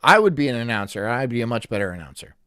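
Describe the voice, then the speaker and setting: A man's voice: mid-range voice, sing-song, quick pace, pushed and bright, clean tone, no echo, studio quality. A man hosting a live stream, chatting casually and mocking himself as he rambles and laughs at his own jokes. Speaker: streamer host. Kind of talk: casual live-stream chat reacting to a video.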